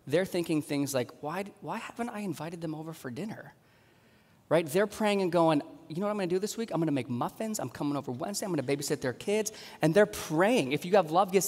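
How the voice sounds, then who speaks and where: A man preaching a sermon as a pastor, animated, often slipping into the voices of his listeners. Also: fairly high pitch, in a large hall. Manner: animated, acts out congregants' voices. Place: large church hall.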